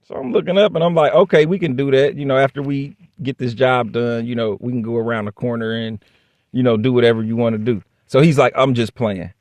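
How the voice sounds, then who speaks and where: A man's voice: medium pitch, steady tone, a little fast, a little mellow, no echo. A man casually telling a workplace story straight to the camera, blunt and profane, acting out both sides of the dialogue. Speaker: vlogger.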